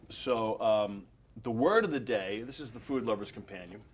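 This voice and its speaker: A man hosting a casual interview show, chatty and jokey, quick to agree with his guests. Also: on the low side, animated. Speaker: talk show host.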